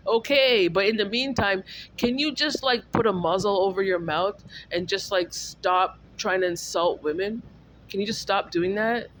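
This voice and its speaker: A woman's voice: mid-range voice, lively intonation, moderate pace, a little hiss or hum. A woman venting in a casual vlog monologue, ranting and repeating herself in exasperation. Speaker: vlogger.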